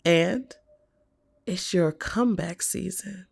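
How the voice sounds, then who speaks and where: A woman giving a tarot reading, talking slowly and softly with hums and whispered asides. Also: fairly low pitch, creaky, slightly rough. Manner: slow, soft, encouraging, with hums and whispered asides. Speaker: tarot reader.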